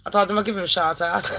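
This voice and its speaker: A woman in her late thirties from England, telling a story in a brash, sweary and animated way and acting out phone calls in voices. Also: medium pitch. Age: late 30s. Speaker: vlogger. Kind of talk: casual storytelling rant.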